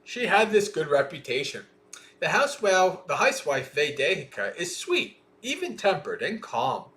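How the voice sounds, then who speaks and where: A man reading a Buddhist sutta aloud on a livestream and pausing to explain it in a thoughtful, questioning way. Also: a little high, wildly swooping pitch, a bit bright. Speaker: Dhamma teacher.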